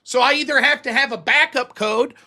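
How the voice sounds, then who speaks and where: A man's voice: extremely high pitch, fairly quick, sharp tone. A man hosting a livestream show, telling a story casually, acting out both sides of the dialogue in a profane, self-mocking way.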